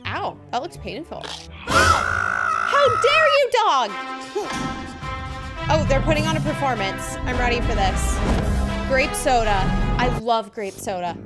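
A woman whose voice is on the high side hosts a reaction video at normal speed. Reacting to clips, she's easily moved, exclaiming, gasping and giving ratings, and loud clip music plays under her voice.

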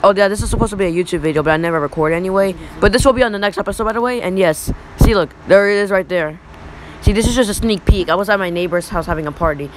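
A young male YouTuber in his teens giving rambling, excitable reaction commentary over old photos. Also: high-pitched, rapid-fire, a little hiss or hum, poor audio. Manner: rambling, excitable, repeats "look".

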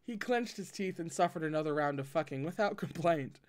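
A man's voice: a little high, normal speed. A man hosting a casual read-aloud of a novel, often breaking off the text for wry, joking commentary. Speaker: host reading a novel aloud.

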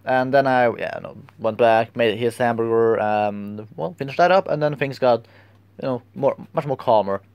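A young man telling a rambling, halting story in a casual vlog, often searching for words. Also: medium pitch, vocal fry, darkish tone, clear, resonant tone, no room sound. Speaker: vlogger.

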